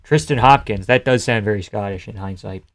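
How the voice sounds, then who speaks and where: A man's voice: fairly low pitch, fairly quick. Joking, profane male streamer. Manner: loose, joking, profane, laughs often. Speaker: live streamer. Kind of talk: casual live fight commentary and chat reading.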